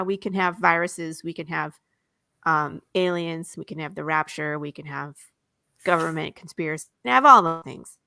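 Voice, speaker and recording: Gravelly low-voiced woman telling a story. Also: no echo, clean studio sound. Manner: animated storyteller, voices characters, laughs often. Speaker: comics creator, guest. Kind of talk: casual chat, retelling comic pages with acted quotes.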